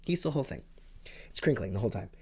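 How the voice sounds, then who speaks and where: Gravelly, excitable man. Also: rapid-fire. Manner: rambling and excitable, with sudden jumps up in pitch and loudness. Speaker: vlogger. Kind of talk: casual storytime monologue.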